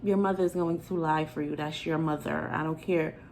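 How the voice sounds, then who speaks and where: Young woman, sassy storytime vlogger, animated retelling, faint background hum. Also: low voice, normal speed, rough recording. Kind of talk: storytime chat.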